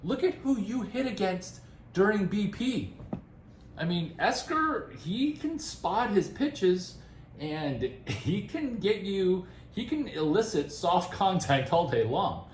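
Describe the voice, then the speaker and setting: A man giving career advice in a rambling, animated casual talk, often laughing and restarting his sentences. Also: sits high, slow, echoey room, a little hiss or hum, poor audio.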